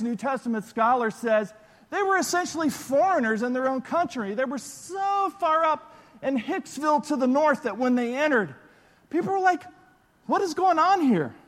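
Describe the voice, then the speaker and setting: A man preaching a sermon as pastor, telling stories in an animated, lively way. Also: extremely high pitch. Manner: storytelling, animated, excitable bursts. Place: church auditorium. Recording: long reverb of a large hall.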